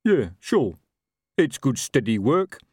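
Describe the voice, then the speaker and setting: A man voicing a slow-witted, chatty male troll worker with a rambling, working-class manner. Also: mid-range voice, sing-song, darkish tone, slightly rough, no room sound, studio quality, voice pushed up, exaggerated voice.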